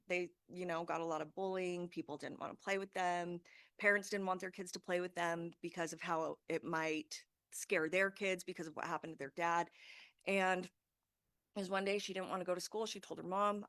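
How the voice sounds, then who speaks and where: A woman with a somewhat low voice gives an informal presentation to a group. She talks casually and conversationally, with plenty of fillers and asides. The sound is dry and close, with little room echo. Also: fairly bright tone. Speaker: safety talk presenter.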